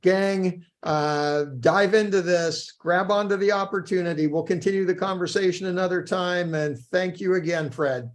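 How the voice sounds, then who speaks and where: Upbeat high-voiced man hosting a meeting. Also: normal speed, few pauses. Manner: upbeat, encouraging. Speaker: meeting host. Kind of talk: casual meeting talk.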